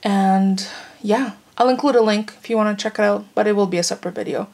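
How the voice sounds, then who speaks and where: A woman's voice: mid-range voice, fairly even intonation, fast, vocal fry, a little mellow. A woman chatting casually in a home vlog, rambling on and cooing baby talk at her dogs. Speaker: vlogger. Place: home living room and kitchen.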